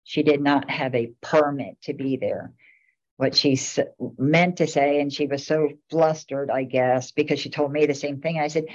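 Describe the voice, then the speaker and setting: A woman's voice: low-pitched, fairly even intonation, moderate pace, a little mellow. A middle-aged woman and town commissioner, rambling through casual anecdotes at a meeting. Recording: dull lo-fi meeting recording.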